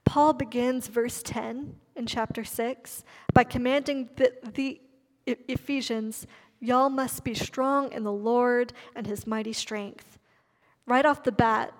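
Woman preaching emphatically in an echoing hall. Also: fairly high pitch. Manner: emphatic, stresses key words with slowed delivery. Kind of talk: sermon.

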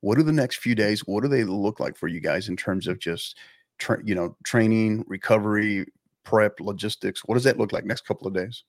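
Man, sports show host, fairly low voice, dry close sound, conversational. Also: normal speed, dry recording. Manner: conversational, ends points with "right?". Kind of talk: casual interview.

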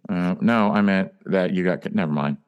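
A man's voice: deep voice, moderate pace, clean tone, muffled recording. A man hosting a comedy podcast, chatting casually and throwing in playful, dry quips. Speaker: podcast host.

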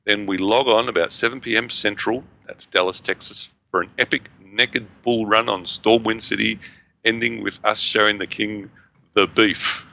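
Gravelly man reading aloud. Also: on the low side, steady tone, moderate pace, sharp tone. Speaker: podcast co-host. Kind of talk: reading a listener email aloud.

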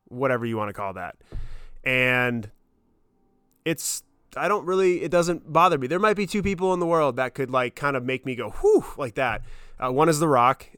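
A man in his thirties hosting a podcast, telling a personal story in a casual, excited way, swearing often and getting choked up. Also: mid-range voice, clean tone, no echo, clean studio sound. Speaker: podcast host.

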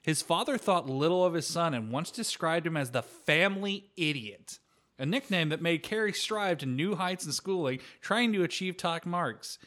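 A man's voice: on the high side, normal speed. A man co-hosting a podcast who reads out research and drifts into loose, profane asides. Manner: relaxed and profane, mixes read facts with loose asides. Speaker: podcast co-host leading the episode. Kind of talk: casual chat, reading from research notes.

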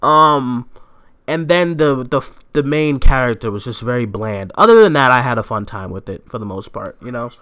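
A man's voice: medium pitch, lively intonation, moderate pace, fairly bright tone. A man from Boston hosting a casual live chat, talking loosely with lots of fillers. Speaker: host.

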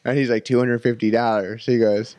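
A man's voice: medium pitch, little pitch movement, a little fast, a little mellow, dry recording. Rambling man telling a story. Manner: rambling, laughs often, acts out other people's lines. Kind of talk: casual storytelling.

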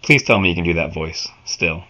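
Deep bright-toned guy hosting, keen fan vibe, lo-fi audio. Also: animated. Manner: enthusiastic, laughs often, halting phrasing. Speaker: interview host. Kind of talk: fan interview. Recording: muffled lo-fi audio.

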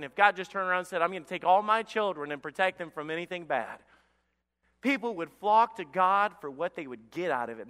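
Man, pastor, sermon, high-pitched, smooth resonant voice, impassioned, stammering restarts. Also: sharp tone, long reverb tail.

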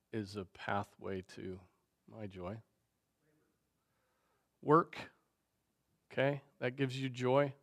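A man leading a Bible discussion, thinking aloud at a measured pace with frequent fillers. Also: mid-range voice, creaky, dry recording, studio quality. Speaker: Bible teacher. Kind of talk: teaching discussion on Scripture.

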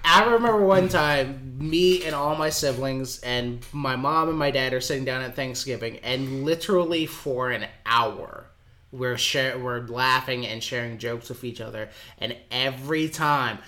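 A man's voice: medium pitch, unhurried, pushed and bright. A man co-hosting a podcast, laid-back and agreeable, telling stories in casual comedic banter. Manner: laid-back, agreeable, storytelling with frequent "right". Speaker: podcast co-host.

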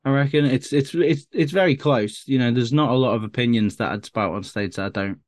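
A guest comedian chats casually, spinning self-deprecating stories and frequently starting over mid-sentence. His mid-range voice moves a little fast, and there's no room sound.

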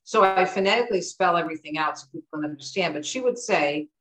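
A middle-aged woman from the United States with a lowish voice talks as an interview guest. She tells stories in a lively, chatty way. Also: fast, poor audio. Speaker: author and guest. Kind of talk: conversational interview.

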